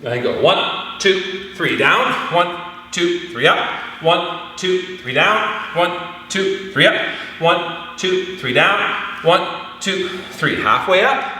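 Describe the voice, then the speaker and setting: A man martial arts instructor leading a class warm-up, calling out counts and commands. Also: high voice, expressive, slow, slight background noise. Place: training hall. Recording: echoey hall from far off.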